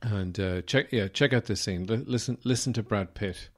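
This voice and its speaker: A man's voice: on the low side, moderate pace. A man with an Irish accent hosting a podcast, talking casually and rambling, with fillers and swearing. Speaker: podcast host. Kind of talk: casual chat.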